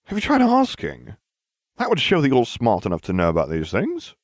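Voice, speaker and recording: A man's voice: medium pitch, huge pitch swings, moderate pace, dry recording, clean studio sound, voice pushed up. A man voicing a smug, scheming teenage wizard with a sardonic, condescending manner.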